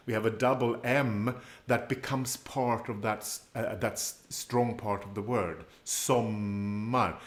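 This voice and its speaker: Man explaining pronunciation in a roomy space. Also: mid-range voice. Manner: explains methodically, many fillers and restarts. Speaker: co-presenter of a language class. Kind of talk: online language class.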